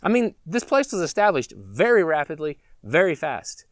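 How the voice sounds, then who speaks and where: A man's voice: a little high, very animated, normal speed, dry recording, studio quality. A man hosting a prepper vlog, talking in a casual, rambling way and chuckling to himself as he muses. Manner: rambling, chuckling, musing aloud. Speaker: prepper channel host.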